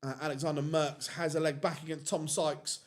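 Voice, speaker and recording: A man's voice: a little high, level tone, fairly quick. A man giving casual live commentary on a darts tournament, chatting and answering viewer questions.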